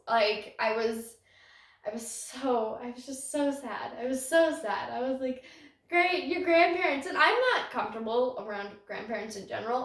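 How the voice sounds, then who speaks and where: A woman's voice: high-pitched, fairly bright tone, distant mic. A young woman hosting a podcast, rambling through a casual story, self-conscious and often laughing. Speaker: podcast host. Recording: roomy echo, voice off-mic.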